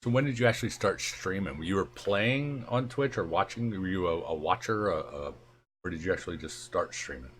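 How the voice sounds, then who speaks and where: A man's voice: low voice, fairly quick. A man hosting a live stream, asking his guest questions in an easygoing way and laughing often. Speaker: stream host. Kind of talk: casual interview on a live stream. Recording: faint background noise.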